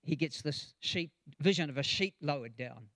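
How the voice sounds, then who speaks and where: A male preacher delivers a conversational sermon, drifting into chatty asides with chuckles and lots of ums. His voice is a little high for a man, fairly bright, and animated at a moderate pace. The sound is dry and close, with no echo.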